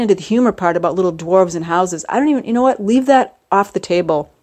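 A woman's voice: fast talker, a little mellow. A middle-aged woman in a rambling, jokey casual monologue, her voice jumping up for emphasis. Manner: rambling, jokey, with sudden rises in pitch for emphasis. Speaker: vlogger.

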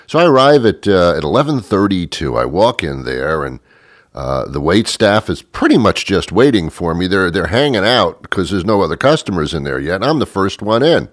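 Speaking at a moderate pace in a low voice, a middle-aged man tells a comic story about himself. It's a lively, rambling monologue full of sarcasm and self-mockery, recorded dry in studio quality.

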